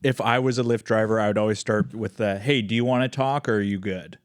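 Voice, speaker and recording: A man's voice: lowish voice, fairly even intonation, brisk. A man in casual podcast chat, laid-back, giving short reactions and swearing casually.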